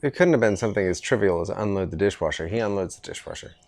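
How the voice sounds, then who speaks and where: Easygoing middle-aged man, lowish voice. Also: lively intonation, quick pace, darkish tone. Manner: rambling, easygoing storytelling with restarts. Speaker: podcast host. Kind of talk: casual father-son chat. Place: outdoor veranda.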